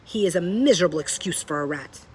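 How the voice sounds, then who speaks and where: A cruel male dungeon rat, voiced by a woman in a storybook reading, loud and gloating and mocking. He jeers and cheers for bloodshed with relish. A faint hiss sits under the reading. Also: fairly low pitch, animated, fast, natural voice, rough recording.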